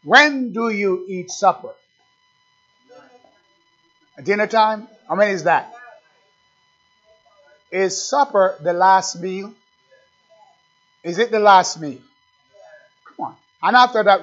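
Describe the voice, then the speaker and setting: A man's voice: high voice, a bit bright. A male pastor preaching a sermon, emphatic and repetitive, putting questions to his congregation. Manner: emphatic, repeats phrases, asks the congregation questions. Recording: dull lo-fi sound.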